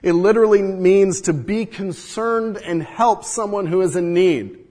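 A man's voice: high voice, measured pace. A man preaching a sermon in an earnest way, his voice rising and falling as he acts out the quotes. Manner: earnest, rises and falls in loudness, acts out quotes. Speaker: pastor. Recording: long hall reverb.

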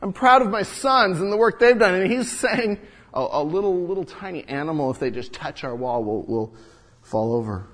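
A man's voice: high voice, lively intonation, normal speed, a bit bright. A man playing an earnest, indignant wall-builder and father from ancient Jerusalem, telling his story in the first person and tripping over repeated words. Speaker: first-person biblical character monologue.

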